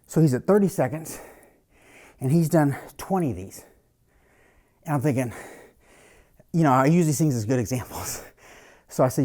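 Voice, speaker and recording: A man's voice: medium pitch, moderate pace, long pauses, a little mellow. A man who works as a personal trainer, coaching a workout in a casual, blunt way and swearing freely.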